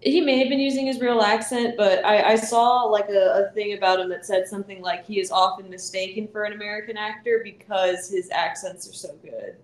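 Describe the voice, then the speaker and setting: A woman's voice: mid-range voice, a little fast, few pauses, echoey room, low-quality recording. A woman co-hosting a podcast in casual, laughing chat, swearing freely. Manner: laughs often, swears, animated. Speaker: podcast co-host.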